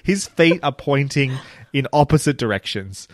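A man, co-hosting a casual podcast chat about a TV show, animated and laughing often, swearing freely. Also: mid-range voice, moderate pace. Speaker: podcast co-host.

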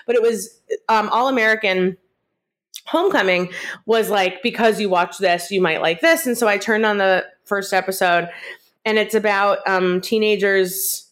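A woman's voice: medium pitch, steady tone, moderate pace. A woman hosting a casual podcast from home, chatting loosely with lots of fillers and jokes. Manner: rambling, filler-heavy, jokey. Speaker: podcast host. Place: at home with cats.

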